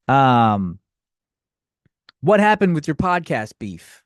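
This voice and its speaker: A man's voice: medium pitch, expressive, moderate pace, no echo, clean studio sound. A young man hosting a comedy podcast, ranting sarcastically and profanely on his own. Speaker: podcast host. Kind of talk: solo comedy rant.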